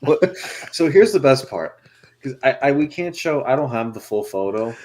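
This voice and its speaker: A man's voice: medium pitch, lively intonation, moderate pace, a little mellow. A man co-hosting a casual chat, telling stories with plenty of swearing and laughter. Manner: storytelling, profane, laughing. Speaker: co-host. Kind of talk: casual food chat on a show.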